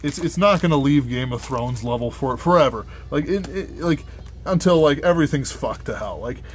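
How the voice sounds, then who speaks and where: A man's voice: mid-range voice, lively intonation, moderate pace. Rambling young man opening card packs. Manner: rambling, filler-heavy, swears when annoyed. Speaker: card unboxing host. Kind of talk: casual rambling chat while opening packs.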